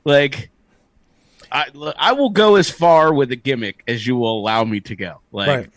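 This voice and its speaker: A man co-hosting a podcast, telling stories in an animated, profane way and often laughing. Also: medium pitch, moderate pace, no echo. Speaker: podcast co-host. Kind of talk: casual chat.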